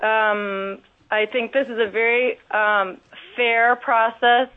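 A woman's voice: fairly high pitch, fairly even intonation, takes it slowly. Woman testifying over the phone, earnest, lots of ums, tinny phone line. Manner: earnest, careful, with many ums. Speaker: public testifier. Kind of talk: testimony at a legislative hearing. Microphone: telephone.

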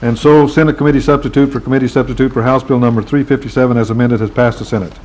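A man's voice: medium pitch, fairly even intonation, a little mellow, low-quality recording. A man presiding over a legislative floor session, calling on senators and putting questions in set formal phrases. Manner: brisk, formulaic chair's wording.

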